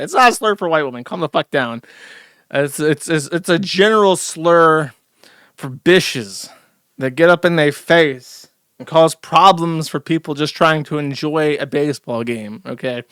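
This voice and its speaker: A man's voice: fairly high pitch, lively intonation, moderate pace, fairly bright tone, clear, resonant tone, no room sound, studio quality. A young man hosting a stream, giving crude, sarcastic, mocking commentary from his home setup. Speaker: streamer host. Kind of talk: casual commentary. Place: home studio.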